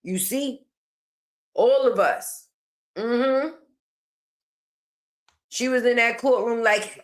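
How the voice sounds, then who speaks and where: A slightly high, fairly bright female voice moves slowly and pauses often. The online commentator rants sassily in slang, mocking the person under discussion and talking back to them.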